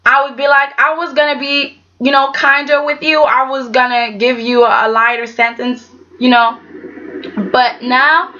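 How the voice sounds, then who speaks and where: Sassy high-voiced woman vlogger. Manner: sassy, animated, keeps adding "okay?". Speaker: soap opera reviewer. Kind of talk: casual vlog review. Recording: dull lo-fi audio.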